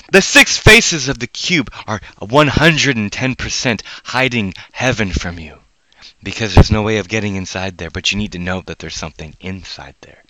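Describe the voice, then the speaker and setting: Bright-voiced man in a swearing rant. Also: no room sound, low-quality recording. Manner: angry, swearing heavily, swinging from loud outbursts to low mutters. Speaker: livestream host. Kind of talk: profane live-stream rant.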